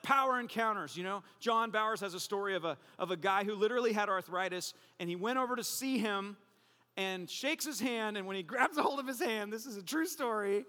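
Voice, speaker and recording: A pastor giving a sermon, an animated, joking storyteller who drops his voice low for emphasis. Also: in a large hall.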